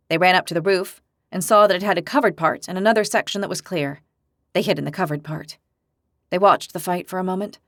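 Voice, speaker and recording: A woman's voice: mid-range voice, no echo. Woman narrating an audiobook, dry and close. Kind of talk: scripted narration.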